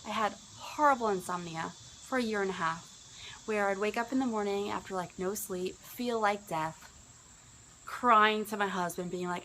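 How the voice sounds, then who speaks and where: In this rough recording with slight background noise, a woman in her early forties talks at normal speed in a mid-range voice with a sharp tone. She is a business coach giving a personal testimonial, earnest and conversational, rising in pitch as she quotes herself.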